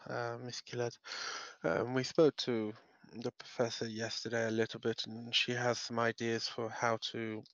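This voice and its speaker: Gravelly, flat-voiced male player. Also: medium pitch, no echo. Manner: hesitant, with many ums. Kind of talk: tabletop role-play. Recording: dry, slightly muffled.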